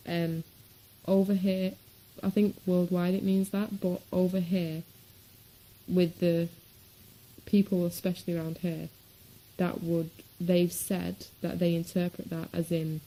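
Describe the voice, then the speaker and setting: Slow, low-key Manchester woman vlogging. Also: dark tone, slight background noise, low-quality recording. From Manchester, England. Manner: chatty, rambling, with frequent ums. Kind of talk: casual vlog monologue. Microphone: webcam.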